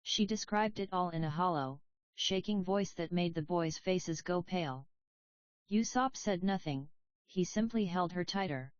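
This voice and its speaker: A woman narrating a story audiobook in an even, measured reading voice. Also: fairly low pitch, no room sound. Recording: dry, slightly dull audio.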